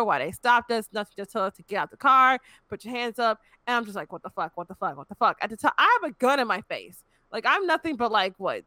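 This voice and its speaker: A woman's voice: fairly high pitch, bright, forceful tone, no echo. A young woman in her twenties frankly telling a personal story in casual chat, swearing and filling with "you know".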